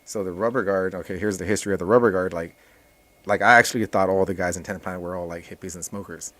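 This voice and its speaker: A man who teaches jiu-jitsu, talking casually as a podcast guest in a relaxed, rambling way with many restarts. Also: low-pitched, fast talker.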